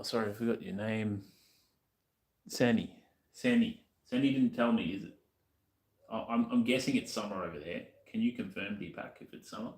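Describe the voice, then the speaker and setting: A man's voice: lowish voice, echoey room. A man with an Australian accent chatting casually to a stream while he works on a motorbike, muttering to himself as he goes. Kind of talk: casual live-stream chat while working.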